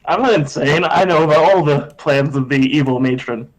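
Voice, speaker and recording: A man's voice: on the high side, normal speed. A man speaking as a player in a tabletop role-playing game, voicing his paranoid character in an offhand, matter-of-fact way.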